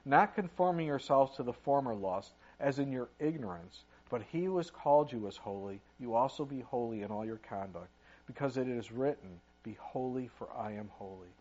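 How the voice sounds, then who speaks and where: An older male pastor delivers a sermon in a mid-range voice, reading scripture aloud and pressing his points with sudden bursts of loudness before dropping to near-quiet asides. The recording sounds slightly dull and muffled. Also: medium pitch, lively intonation, moderate pace. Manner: preaches with sudden rises and drops in loudness, reads scripture aloud.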